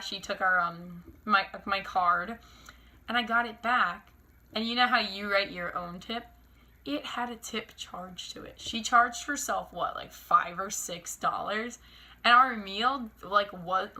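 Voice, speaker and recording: A young woman vlogger telling a storytime in a casual, animated, exasperated way, full of fillers. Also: medium pitch. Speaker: lifestyle vlogger.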